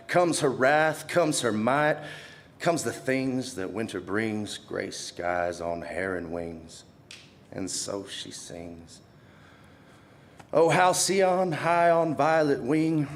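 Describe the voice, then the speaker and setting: A young man, a student poet, reading his poems aloud at a live reading, casual between pieces and swelling dramatically as he recites. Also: mid-range voice.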